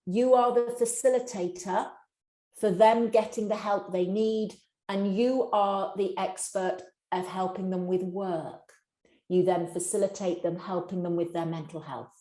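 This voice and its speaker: A brisk, fast-talking woman explains how to handle a sensitive workplace conversation, breaking off and restarting her sentences as she goes. Her medium-pitched voice rings in an echoey room. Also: steady tone, mellow. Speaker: workplace mental health speaker. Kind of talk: live webinar answer to a question.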